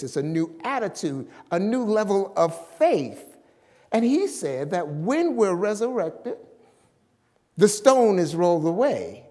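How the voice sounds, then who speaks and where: A man preaching a sermon as pastor, slowly and emphatically, stretching out key words. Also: a little high, dark tone, long reverb tail.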